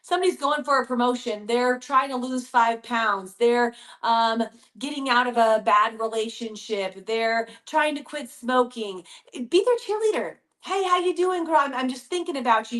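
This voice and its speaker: An upbeat woman in her thirties with a fairly high voice talks casually to her listeners, calling them "you guys." She speaks from her home basement in a chatty, encouraging way. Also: fairly bright tone. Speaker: podcast host. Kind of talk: casual motivational talk.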